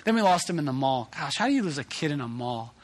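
A man preaches a sermon and leads in with a lively personal story. He pokes fun at himself as a parent. His voice sits slightly higher than most men's. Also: fast talker. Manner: animated storytelling, self-deprecating. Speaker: pastor.

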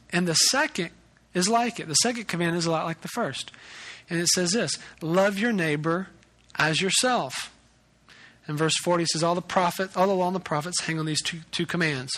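A male pastor preaching a sermon in a conversational way, telling stories with lots of restarts. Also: a little high. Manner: conversational, animated storytelling with restarts. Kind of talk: sermon with a personal story.

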